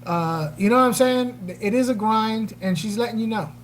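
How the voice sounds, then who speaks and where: Chatty woman livestream host, slightly high. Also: normal speed, slight background noise, rough recording. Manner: rambling, reads out and answers viewer comments; animated, jokey, trails off with fillers. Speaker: aquarium channel livestream host. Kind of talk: casual livestream chat.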